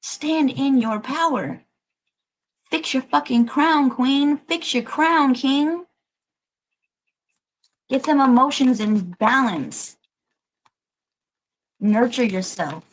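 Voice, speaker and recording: A woman's voice: high voice, slow, long pauses, rough recording. A woman giving a livestreamed collective tarot reading, emotional and emphatic, urging listeners on and swearing casually. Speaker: tarot reader.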